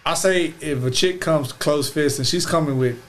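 A young man in casual chat, slangy and quick with interjections. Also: a little high, soft background music.

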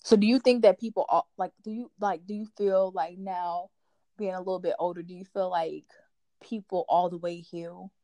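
A young adult woman hosting a casual chat, telling stories in an animated way with plenty of "like". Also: on the low side, normal speed, dry recording. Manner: animated storyteller, fills talk with "like". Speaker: podcast host.

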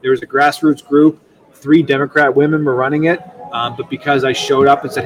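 Young man, casual interview guest, rambling and animated, mid-pitched voice, slightly distant mic. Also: fairly quick. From United States. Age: young adult. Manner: rambling, animated, with many restarts. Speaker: state legislator guest.

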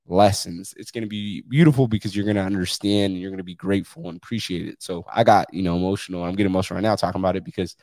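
Male podcast host, deep low voice, blunt and profane, dry close sound. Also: steady tone, very fast, hardly any pauses, a little mellow, no room sound. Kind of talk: candid solo podcast monologue.

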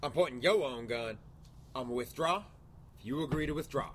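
A man's voice: mid-range voice, fairly quick. A man co-hosting a comedy podcast, bantering playfully with swearing and laughs. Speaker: podcast co-host.

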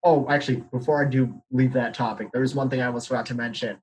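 A man's voice: medium pitch, steady tone, fast talker, rough recording. A young man from Arizona, a panelist on a college podcast, talking candidly in casual discussion and laughing nervously at grim news. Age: young adult.

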